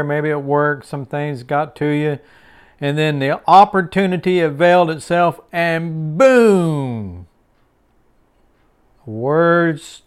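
A man's voice: fairly high pitch, smooth. A man hosting a short devotional sermon in a folksy, repetitive way, chuckling often. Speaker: devotional host.

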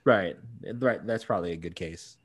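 A man's voice: low-pitched, moderate pace, slightly rough. Brief: man in a casual podcast chat who recaps the plot and laughs easily. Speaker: podcast co-host.

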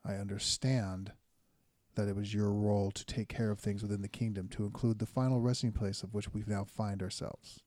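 A man playing an earnest high cleric. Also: flat delivery, a little mellow, close to an everyday voice. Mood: earnest formal. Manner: formal, measured entreaty.

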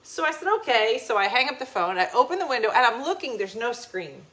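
A woman's voice: on the high side, quick pace. A woman from New Jersey, a little tipsy, telling a story in casual chat and acting out the voices of the people in it. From New Jersey, USA. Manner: animated, laughing storyteller acting out quoted voices.

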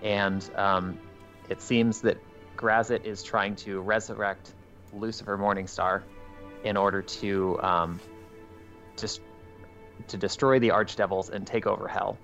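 A man voicing an earnest, loyal devilish ex-soldier in a tabletop game, speaking haltingly. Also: on the low side, fairly even intonation, vocal fry, fairly bright tone. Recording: dull muffled sound with faint music.

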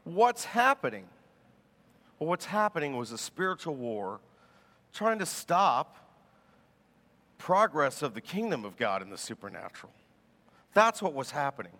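A man preaching a sermon as pastor, telling stories in an animated way and laughing as he goes. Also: a little high, normal speed, long pauses, big-room sound.

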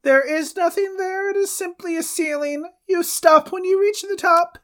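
A man voicing a superstitious man from the distant past, high and shrieking in outrage. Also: moderate pace, sharp tone. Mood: indignant.

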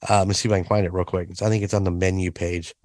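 A man's voice: low-pitched, level tone, very fast, a little mellow, dry recording. Chatty man giving restaurant tips. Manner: chatty, enthusiastic restaurant recommendations. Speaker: podcast co-host. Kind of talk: casual chat.

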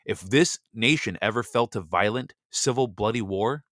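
A man's voice: on the low side, moderate pace, hardly any pauses, fairly bright tone, dry recording, studio quality. A man hosting a Bible reading show, delivering a heated, blunt monologue and stumbling over repeated words when he gets worked up. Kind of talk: impassioned political monologue.

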